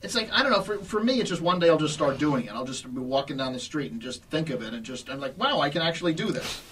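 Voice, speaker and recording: A male comedian talking as an interview guest, halting and full of restarts and fillers, laughing often. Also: medium pitch, expressive, fairly bright tone, distant mic, slight background noise. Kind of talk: casual interview chat.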